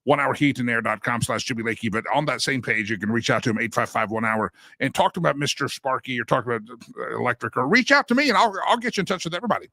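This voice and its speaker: A man's voice: medium pitch, lively intonation, rapid-fire, hardly any pauses, bright, forceful tone, dry recording. A male talk show host on a live political show, ranting and getting worked up, then doing a folksy sponsor read. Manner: fiery, gets worked up, ranting.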